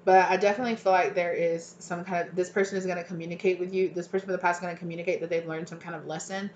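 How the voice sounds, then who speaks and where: A woman's voice: on the low side, little pitch movement, rapid-fire, darkish tone, reverberant, highs cut off, a little hiss or hum. A woman giving a casual tarot reading to her viewers, talking loosely with lots of fillers and repeated words. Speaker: tarot reader.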